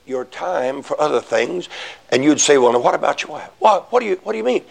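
Gravelly preacher man, shouting in bursts. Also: a little high, animated, brisk. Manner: folksy, rises to shouting emphasis, acts out little dialogues. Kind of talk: sermon.

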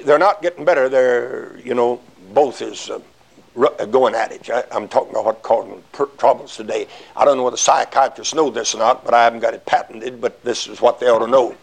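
Gravelly preacher man, shouting in bursts. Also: mid-range voice. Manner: folksy, rises to shouting emphasis, acts out little dialogues. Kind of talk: sermon.

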